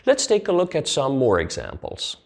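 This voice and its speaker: Man teaching a grammar lesson, slow and deliberate. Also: fairly high pitch, huge pitch swings. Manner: slow, deliberate explanations with spoken example sentences. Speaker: English teacher.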